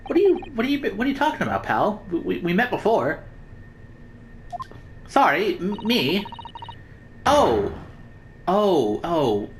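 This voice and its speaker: A woman's voice: lowish voice, sing-song, measured pace, pauses often, noisy background. A woman reading game dialogue and commenting casually, self-mocking and hesitant. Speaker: gaming streamer.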